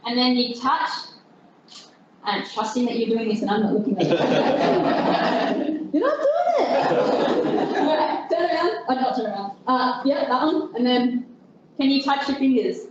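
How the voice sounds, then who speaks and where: A woman's voice: fairly high pitch, a little slow, distant mic, very noisy. Chatty woman in an echoey room. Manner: chatty, self-deprecating, many fillers and restarts. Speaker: guest speaker. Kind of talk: informal presentation to a group. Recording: very echoey, dull room recording.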